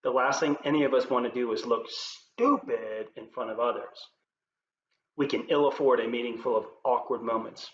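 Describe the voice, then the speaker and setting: A man presenting as a leadership coach, giving scripted tips to camera in a clear, upbeat presenter manner. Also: mid-range voice, fairly even intonation, moderate pace. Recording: roomy, slightly dull with faint noise.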